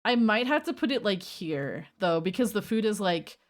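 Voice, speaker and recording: A woman's voice: medium pitch, expressive, normal speed. A woman streamer chatting casually and rambling while reacting to her chat. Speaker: livestreamer.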